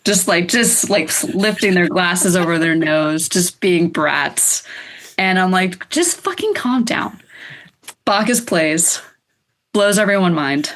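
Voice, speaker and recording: Young US woman, low voice, chatty laughing storyteller, podcast guest. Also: slow, fairly bright tone. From United States. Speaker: band bassist, guest. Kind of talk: casual interview chat.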